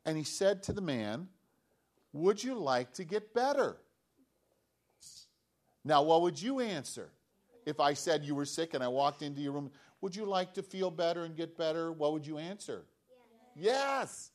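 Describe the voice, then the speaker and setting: A man preaching a children's sermon, telling a story in an animated way and asking the children questions. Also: fairly high pitch, fairly quick. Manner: animated, asks children questions, acts out voices. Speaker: pastor giving a children's message.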